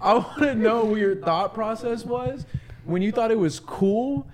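A man's voice: high-pitched, a little slow. Teasing man over crowd noise. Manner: teasing, blunt, swearing. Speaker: podcast co-host. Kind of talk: casual banter.

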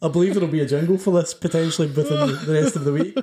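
A man's voice: on the high side, steady tone, very fast, dark tone. A man hosting a wrestling podcast, chatting casually and joking and laughing often. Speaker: podcast host. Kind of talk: casual chat.

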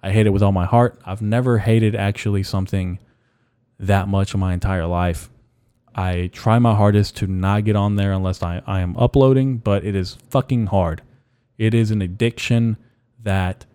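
A man's voice: on the low side, fairly even intonation, moderate pace, mellow, clean tone, dry recording, studio quality. A young man hosting a solo podcast, ranting bluntly with heavy swearing and frequent repeats. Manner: blunt, profane, repeats himself. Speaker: podcast host. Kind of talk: casual solo podcast rant.

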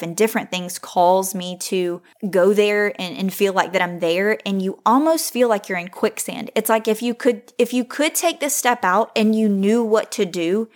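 A woman in her thirties hosting a faith podcast, speaking in an earnest, confessional way, close to tears, repeating phrases for emphasis. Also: mid-range voice. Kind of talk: heartfelt devotional monologue.

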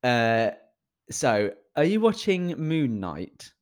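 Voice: big pitch swings, slow pace, a little mellow. A co-host chats casually on a podcast, telling loose, rambling stories. The voice swoops widely up and down as the co-host talks. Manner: chatty, rambling storyteller with big swoops in pitch. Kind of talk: casual chat.

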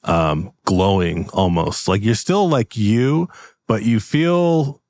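A man narrating a tabletop role-playing game as game master, in an animated, loose way. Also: on the low side, slow pace, no echo.

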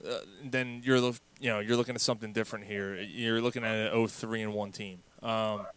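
A man's voice: lowish voice, fairly even intonation, brisk, a bit bright, clean tone. A man hosting a casual sports podcast, talking in a rambling way with lots of fillers and restarts. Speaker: podcast host.

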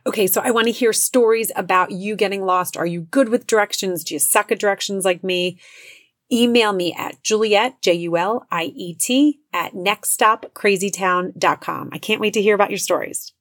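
A woman hosting her own podcast, telling a story in a casual, animated way and acting out the people she quotes. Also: medium pitch, normal speed, dry recording, clean studio sound. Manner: animated, acts out quoted voices, laughs often. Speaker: podcast host.

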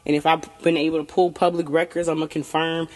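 A woman's voice: low-pitched, level tone, fast. Frank, profane woman in a reverberant room. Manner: frank and profane, laughs often. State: tipsy from tequila. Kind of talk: candid casual chat.

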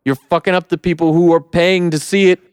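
Young guy ranting hard on a movie podcast, swearing a lot, highish clear voice, super dry close mic. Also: little pitch movement, a little fast, no echo. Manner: profane, heated ranting with mocking quoted voices. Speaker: podcast co-host. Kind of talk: casual movie review rant.

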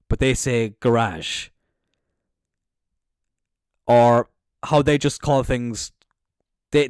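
Seated indoors on a squeaky chair, a young Corkman with a thick local accent hosts a solo podcast, chatty and meandering, cursing freely and letting thoughts trail off. His voice is mid-range, recorded at studio quality with no room sound.

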